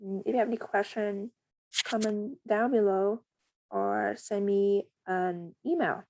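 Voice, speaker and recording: Halting woman walking through a coding tutorial. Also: medium pitch, fairly even intonation, gravelly, darkish tone, a little hiss or hum, rough recording. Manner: hesitant, halting, with frequent restarts and pauses. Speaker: software tutorial presenter. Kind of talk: casual screen-recorded coding walkthrough.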